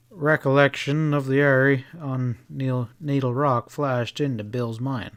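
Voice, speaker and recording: A man reading a western novel aloud as an audiobook narrator, steady and dramatic. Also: mid-range voice, a little slow, few pauses.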